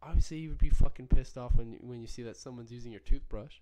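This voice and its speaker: A man's voice: mid-range voice, fast, warm tone. A young man hosting a solo podcast, telling a story in a rambling, profane way with many self-corrections. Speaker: podcast host.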